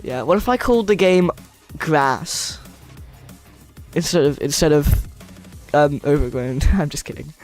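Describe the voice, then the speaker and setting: A young man from the United States streams a game-building session, rambling playfully and reading his viewers' chat aloud. His fairly high voice is a little mellow and unhurried, with soft music in the background.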